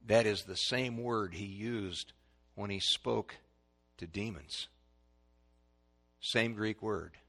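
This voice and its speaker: Gravelly, bright-toned preacher man. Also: lowish voice, slow, long pauses. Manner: dramatic swings from shouting to hushed. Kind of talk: sermon.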